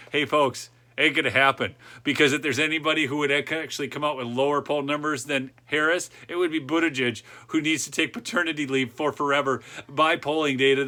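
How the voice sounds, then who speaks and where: A man's voice: on the high side, bright, forceful tone. A man hosting a political podcast, reading news aloud and cutting in with sarcastic asides and laughter. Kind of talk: opinion commentary reading news.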